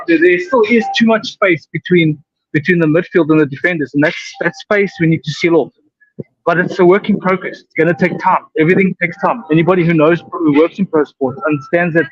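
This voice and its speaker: A man's voice: fairly high pitch, slightly rough, no echo, dull audio. A man from South Africa with a South African accent, calling in to chat about a football win, emphatic in his speech. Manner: emphatic, says "straight up". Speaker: caller. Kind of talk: casual call-in chat.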